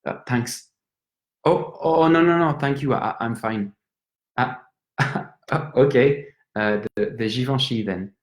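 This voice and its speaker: A man's voice: medium pitch, slow pace, voice pushed up, natural voice. A man with a French accent playing a drunk, apologetic young Frenchman in a stage monologue, rambling and stumbling over his words. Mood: awkward, chatty. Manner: rambling, stammering, switches between English and French. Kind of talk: theatrical monologue. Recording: roomy echo.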